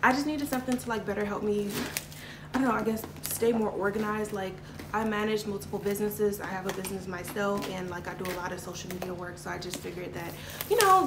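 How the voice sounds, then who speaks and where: A young woman vlogging to her handheld camera, bubbly and excitable, chatty with lots of "like" and "y'all". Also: mid-range voice. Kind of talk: casual vlog talk to camera. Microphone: handheld vlog camera. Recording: echoey room with background noise.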